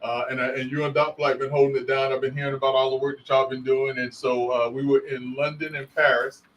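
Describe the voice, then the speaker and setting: A man co-hosting a casual podcast, rambling with fillers and restarts, then getting loud and animated. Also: medium pitch, fast talker, recorded from a distance, dull audio, slight background noise. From Central Florida. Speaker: podcast co-host.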